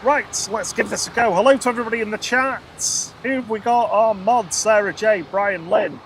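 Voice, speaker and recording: Upbeat male stream host, fairly high voice, outdoors by an airport, faint noise behind. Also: moderate pace. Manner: upbeat, greets chat viewers by name. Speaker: livestream host. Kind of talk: live plane spotting stream chat.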